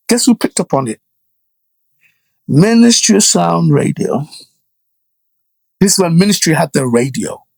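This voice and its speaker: A middle-aged man, raised in Jamaica, talks as a guest in a relaxed interview, recalling events in a lively, animated way. His voice sits a little higher than most men's. The recording is close and dry, with no room sound. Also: gravelly, dry recording. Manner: animated storyteller, frequent "you know" and "right?" tags. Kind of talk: casual storytelling interview.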